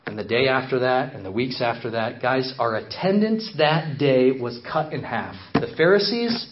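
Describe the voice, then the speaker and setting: A man's voice: medium pitch, moderate pace, dull audio, background noise. A man speaking as a missionary in a sermon, telling a story, acting out the quotes and repeating phrases for emphasis.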